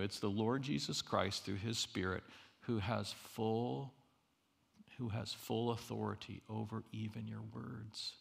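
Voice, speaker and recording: A middle-aged man preaching a sermon at a university, animated and humorous, swinging between loud emphasis and quiet asides. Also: lowish voice, measured pace, vocal fry, breathy edge. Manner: humorous storytelling. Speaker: university chapel speaker.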